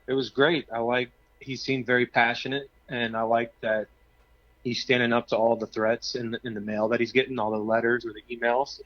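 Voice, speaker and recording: A man's voice: medium pitch, flat delivery, brisk, dry recording, highs cut off. A man calling into a talk show, speaking in a hesitant, friendly way. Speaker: caller. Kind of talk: phone-in conversation.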